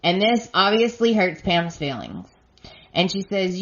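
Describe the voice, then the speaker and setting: A woman's voice: fairly low pitch, lively intonation, a little slow, dull audio. A woman podcast host giving a plain retelling of soap opera episodes and reading out the characters' lines.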